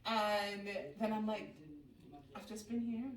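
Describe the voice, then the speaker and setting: A woman's voice: medium pitch, slow. A middle-aged woman from Trinidad and Tobago with a Trinidadian accent, chatting casually and acting out the people she quotes as she tells stories. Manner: animated storyteller who acts out the people she quotes. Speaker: host. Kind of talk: casual chat. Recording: roomy sound from a distant mic.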